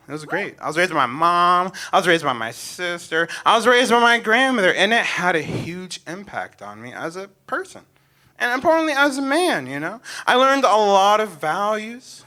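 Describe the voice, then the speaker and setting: A young man from Omaha doing a stand-up comedy set, animated and swinging between quiet asides and loud punchlines. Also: high voice. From North Omaha, Nebraska, USA.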